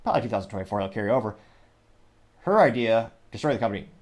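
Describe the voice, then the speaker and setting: A man's voice: lowish voice, lively intonation, racing. Man, show host, casual news commentary, rambling, self-correcting, wry.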